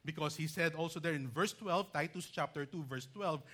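Emphatic bright-voiced male preacher. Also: fairly high pitch, moderate pace. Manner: emphatic, rising loud when reading scripture lists; teacherly, explains grammar with asides like "okay". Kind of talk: sermon.

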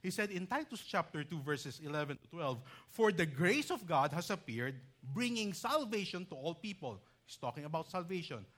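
A man's voice: on the high side, big pitch swings, normal speed, few pauses, fairly bright tone. A man preaching a sermon, teacherly and emphatic, reading scripture aloud with rising force. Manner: teacherly, explains grammar with asides like "okay".

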